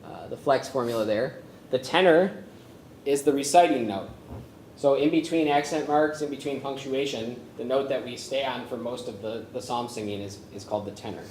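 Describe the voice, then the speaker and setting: A man presenting a workshop on chanting psalms, speaking haltingly with many fillers and humming melodies to show them. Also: medium pitch, a little mellow, slight background noise. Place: conference room with a live audience. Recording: roomy echo from a lecture space.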